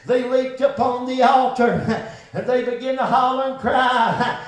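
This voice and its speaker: An older man preaching a sermon, shouting and chanting with sung phrases and occasional coughs. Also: very high-pitched, steady tone, unhurried. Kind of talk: Pentecostal-style preaching sermon. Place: church. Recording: echoey church hall, mic far off.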